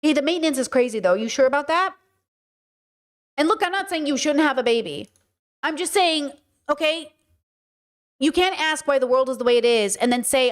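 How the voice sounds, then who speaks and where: A woman hosting a casual livestream, talking to her chat in a blunt, animated way and swearing freely. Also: high voice, normal speed, long pauses. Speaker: streamer host.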